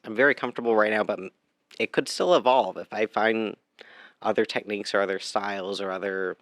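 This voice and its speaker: A man's voice: on the low side, pushed and bright, no echo, clean studio sound. A man, a guest artist, answering interview questions in a thoughtful, hesitant way.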